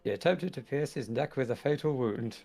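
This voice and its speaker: A man reading a fan roleplay aloud in an even narrative way. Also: mid-range voice, a little fast, vocal fry, faint music behind.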